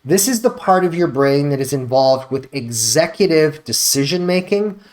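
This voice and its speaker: A man with an American accent, a chiropractor explaining health topics in a measured, deliberate way, stressing key words. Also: on the high side, animated. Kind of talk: educational explainer to camera.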